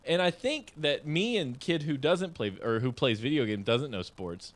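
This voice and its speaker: A man's voice: on the high side, animated, moderate pace. A man co-hosting a podcast in casual chat, rambling and self-deprecating. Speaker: podcast co-host.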